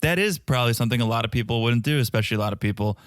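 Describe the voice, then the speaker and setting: A man's voice: medium pitch, very fast, no echo, clean studio sound. A man co-hosting a podcast, chatting casually and joking while recapping a reality show. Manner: joking, playful impressions of the cast. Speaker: podcast co-host.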